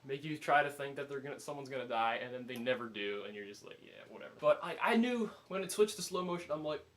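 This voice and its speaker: A man giving a casual spoken movie review, animated and full of fillers, acting out his own reactions. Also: medium pitch, fast.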